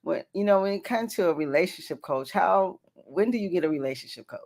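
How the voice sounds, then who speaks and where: A radio host interviewing a guest, curious, asking follow-up questions and giving quick affirmations. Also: mid-range voice, lively intonation, creaky, a little mellow.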